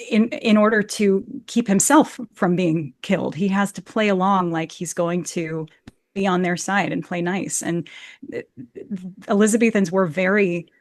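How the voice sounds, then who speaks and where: A woman's voice: mid-range voice, no room sound. A woman who acts and coaches, explaining verse with enthusiasm in a podcast interview and chanting beats to show rhythm. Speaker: actor and Shakespeare coach.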